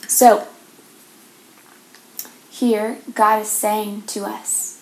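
A woman giving a devotional talk, reading scripture and reflecting on it in a measured, gentle way. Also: medium pitch, steady tone, slight background noise. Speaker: devotional speaker. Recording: roomy echo.

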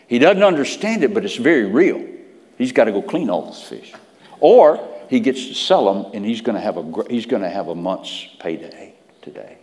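A man preaching a sermon, swinging between hushed whispers and loud emphatic peaks. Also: lowish voice, very animated, moderate pace, long reverb tail.

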